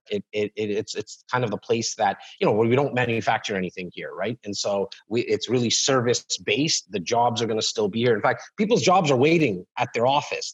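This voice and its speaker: A man co-hosting a real estate livestream over a video call, talking in halting bursts with many restarts. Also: fairly low pitch, slightly rough, rough recording. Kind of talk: casual webcast talk.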